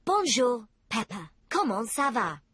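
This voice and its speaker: An actress playing a calm, patient cartoon pig mother who explains things gently. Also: fairly high pitch, measured pace, background noise.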